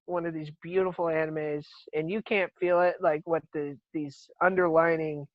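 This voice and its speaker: A man's voice: a little high, moderate pace, no echo, lo-fi sound. A man in casual podcast chat who tells stories with lots of laughter and swearing. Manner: laughs often, swears freely, animated storytelling. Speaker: podcast guest or host.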